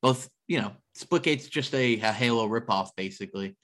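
A man's voice: mid-range voice, normal speed, fairly bright tone. Rambling casual male podcast co-host. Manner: rambling, many restarts and fillers. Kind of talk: casual chat.

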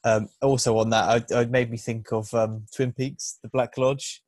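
Measured, analytical man. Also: medium pitch, little pitch movement, darkish tone, no echo. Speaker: podcast host. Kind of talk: casual film review chat.

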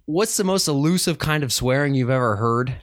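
A man's voice: mid-range voice, lively intonation, a little fast. Playful man quizzing his co-hosts. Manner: playful, laughing often. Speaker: podcast co-host. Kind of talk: casual chat, quizzing friends.

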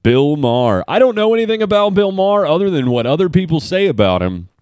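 A man's voice: high voice, animated, fast, a little mellow, dry recording, studio quality. A man hosting his own podcast, talking alone in sarcastic, rambling rants with some swearing. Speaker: podcast host. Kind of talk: casual solo commentary.

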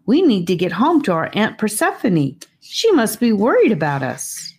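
A woman's voice: mid-range voice, wildly swooping pitch, normal speed, darkish tone, breathy edge, voice pushed up, full character voice. A woman voicing a bewildered young girl who asks earnest, pleading questions.

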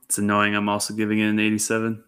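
Male co-host, terse deadpan delivery, low voice with a sharp bright tone. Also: rapid-fire, clean tone. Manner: terse, dry, deadpan replies. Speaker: podcast co-host. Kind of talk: casual movie review chat.

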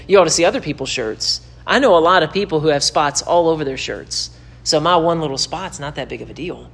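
A pastor preaches a sermon-style teaching to camera, his voice on the high side, quick and a bit bright. He is emphatic and repetitive, and his pitch climbs whenever he presses a point.

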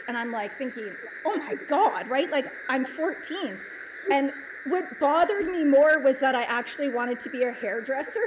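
A woman's voice: high voice, expressive, moderate pace. A woman in her forties, a chiropractor, telling stories casually in an interview, full of "like" and "right?". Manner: chatty, lots of "like" and "right?". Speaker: chiropractor guest. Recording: background noise.

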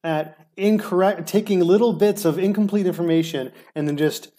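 Man, casual argumentative banter, sarcastic, stammering, mellow tone. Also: sits high, moderate pace. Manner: defensive, stammering restarts, sarcastic. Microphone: remote call mic.

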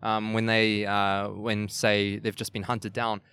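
A man's voice: on the low side, monotone, takes it slowly, clear, resonant tone. A man with a New Zealand accent hosting a casual interview, affirming his guest often. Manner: warm affirming, frequent "beautiful" and "yeah". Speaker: podcast host.

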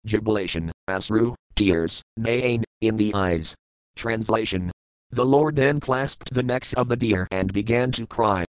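A man reads scripture in a steady, measured way, going word by word through each verse's meanings before giving the translation. His voice sits at a middling pitch. The recording is dry and close, with no room sound. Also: dry recording, rough recording. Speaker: scripture reader.

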